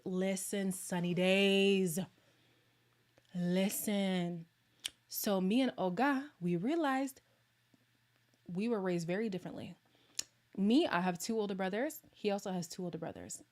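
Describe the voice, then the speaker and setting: A woman vlogger in casual live chat with her viewers, chatty and animated, sometimes dropping to hushed asides. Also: mid-range voice. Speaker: vlogger answering viewer comments.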